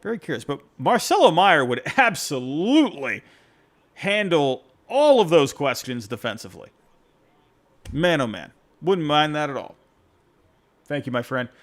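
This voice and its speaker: A man with a fairly high speaking voice hosts a casual postgame sports show and plays fan voicemails. He rambles, restarts his sentences and jumps around in pitch. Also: a little slow. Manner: rambling, self-interrupting, animated. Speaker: podcast host taking fan calls.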